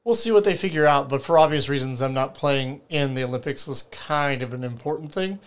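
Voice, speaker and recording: A man's voice: mid-range voice, a little fast. A young man, co-hosting a casual chat podcast and recapping news with easy laughs. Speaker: podcast co-host.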